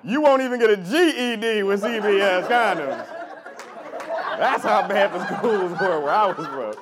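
Wry, very high-voiced stand-up man. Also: animated, moderate pace, over a noisy crowd, heavy background noise. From Chicago. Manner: wry, laughing at his own jokes, playful. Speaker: stand-up comedian. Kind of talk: stand-up comedy set.

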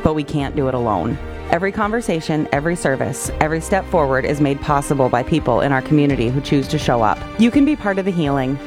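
A woman reading a scripted charity radio ad, earnest and gentle. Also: low-pitched, lively intonation, quick pace. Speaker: charity announcer. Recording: music bed behind.

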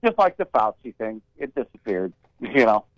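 A man's voice: mid-range voice, big pitch swings, normal speed, no room sound. A man calling into a radio show, chatty and cynical, often repeating words. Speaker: caller. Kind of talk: casual call-in talk. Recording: dull phone-line call.

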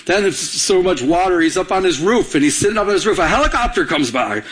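A man preaching a sermon in a conversational way, often pausing for the congregation to fill in words. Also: high-pitched, animated, a bit bright, rough recording. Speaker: pastor.

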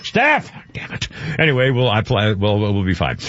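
A man hosting a casual radio show, chatty and quick to laugh, thinking aloud as he talks. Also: lowish voice, no echo, muffled recording. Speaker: radio host.

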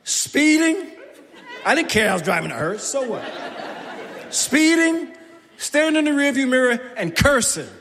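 High, bright-voiced New storyteller. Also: male voice, a little slow, pauses often, some chatter behind. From the Bronx, New York. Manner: animated, acts out shouted quotes, laughs often. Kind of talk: live storytelling on stage. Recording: reverberant hall, faint room noise.

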